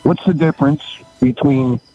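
A man telling crude jokes on a radio show in a dry, deadpan way, chuckling at his own punchlines. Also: medium pitch, moderate pace, dull audio, soft background music. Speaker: regular phone-in joke teller.

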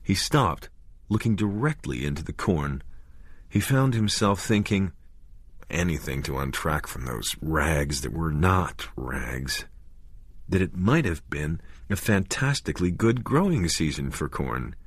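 A man narrating a horror audiobook in a measured, deliberate way. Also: sits low, expressive, husky, dry recording.

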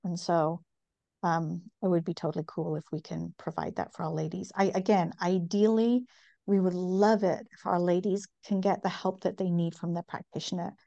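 A middle-aged woman from northeast England with a softened northern English accent, explaining things in a measured way with many ums as an interview guest. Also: fairly low pitch, fairly even intonation, gravelly, dry recording, dull audio. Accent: northern English, softened by decades in the US. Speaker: guest, women's health company founder. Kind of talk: interview conversation.

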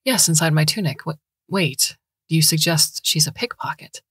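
A woman's voice: low-pitched, moderate pace, fairly bright tone, husky, no echo, heavily acted. A woman doing a dry, stubborn male poet.

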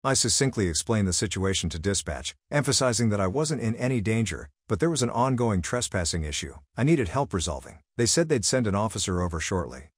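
Brief: male story narrator, low husky voice, lively pitch, dry close sound, steady scripted read. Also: a little fast, few pauses, no room sound.

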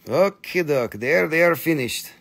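A man hosting a live crystal sale, chatty and excitable, with crude jokes and non-native phrasing. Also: fairly high pitch, measured pace, creaky, slightly rough. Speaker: live-stream crystal seller. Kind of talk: casual live sales chat.

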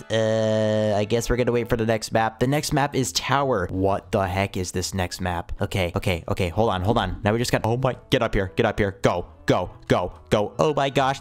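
Hyped young man narrating gameplay. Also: mid-range voice. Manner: hyped, repeats phrases, frequent gasps and yelps. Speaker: gaming video host. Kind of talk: excited let's-play commentary.

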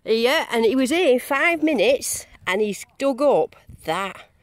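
A woman vlogging a metal detecting dig outdoors, chatting in a bubbly, excitable way and repeating herself in delight. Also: on the high side, a little slow, dry recording. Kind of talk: excited casual running commentary.

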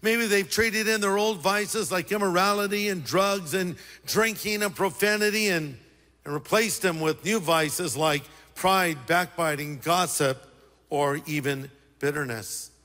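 A man preaching a sermon as pastor, lively and joking with the congregation. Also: sits high, measured pace, big-room sound.

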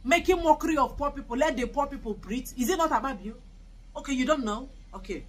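A woman's voice: high voice, quick pace, low-quality recording. A woman delivering a fiery, scornful political rant, repeating her points for emphasis. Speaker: political commentator. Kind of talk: impassioned political vlog rant.

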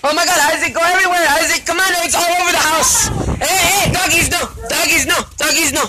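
A woman filming a backyard party, chatty and excitable, laughing often and calling out to the kids and the dogs. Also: extremely high pitch, fast. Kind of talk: casual home video narration. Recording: noisy outdoor phone video.

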